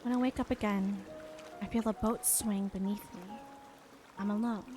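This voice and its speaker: Young woman reading a game story out loud, soft and expressive, music behind. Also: mid-range voice, normal speed. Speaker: streamer. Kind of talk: reading game dialogue aloud.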